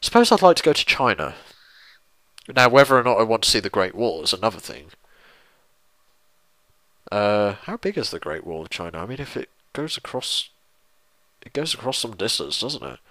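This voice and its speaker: A man's voice: on the low side, big pitch swings, moderate pace, pauses often, sharp tone, no echo. A young English man rambling through a casual viewer Q&A, self-deprecating and swearing mildly. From England. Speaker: YouTuber answering viewer questions. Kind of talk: casual Q&A monologue.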